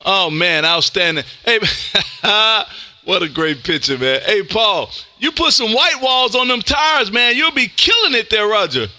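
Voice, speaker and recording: Loud, high, bright Texas ham operator. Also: male voice, a little slow, dry recording. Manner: loud, energetic, says "man" constantly. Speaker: ham radio operator streaming live. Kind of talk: on-air radio contacts and chat. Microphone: close studio mic with headphones.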